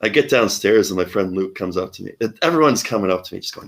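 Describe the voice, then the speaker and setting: A man's voice: fairly low pitch, expressive, fast, a bit bright. Laughing man telling comedy anecdotes. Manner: laughs often, tells anecdotes with quoted voices. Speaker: guest, comedian and teacher. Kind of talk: casual conversational storytelling.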